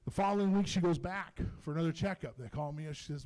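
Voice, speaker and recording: A man performing a stand-up comedy set in a comedy club, telling stories in an animated, profane way. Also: fairly high pitch, fast.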